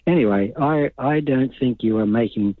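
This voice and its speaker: A man's voice: medium pitch, moderate pace, no room sound. An older Australian man calling in to talkback radio, blunt and opinionated, rambling as he goes. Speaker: caller. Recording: tinny phone line.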